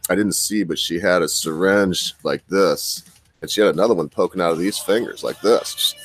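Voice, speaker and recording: A man's voice: low voice, moderate pace, breathy edge, poor audio. A middle-aged man casually telling his viewers a rambling, self-deprecating story, laughing often. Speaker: vlogger.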